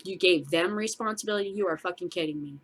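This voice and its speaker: A woman's voice: lowish voice, quick pace, a bit bright, husky. A middle-aged woman hosting her own show, ranting in a furious, profane casual vlog. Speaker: show host. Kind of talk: angry casual vlog rant.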